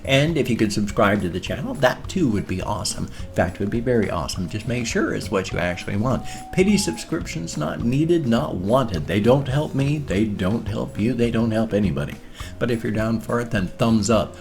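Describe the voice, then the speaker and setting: A man in his fifties with an American accent talks to his vlog viewers in a chatty, playful way. His voice sits low, and he drops in deadpan jokes. Faint music plays behind him. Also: fairly quick, vocal fry. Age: 50s. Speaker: vlogger. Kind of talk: casual vlog chat.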